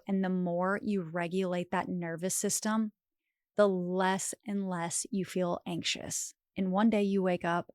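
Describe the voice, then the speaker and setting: A woman's voice: fairly low pitch, dry recording, studio quality. A young woman talking straight to her viewers as a wellness coach, earnest and encouraging, sometimes near tears. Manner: earnest, encouraging, emotional at times. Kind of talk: heartfelt direct-to-camera talk.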